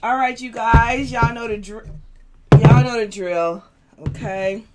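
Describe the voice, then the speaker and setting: Slow-talking chatty woman tarot host. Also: a little high, very noisy. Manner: chatty, laughing, interrupted by hiccups. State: has the hiccups. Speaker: tarot reader and podcast host. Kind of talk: casual tarot reading chat.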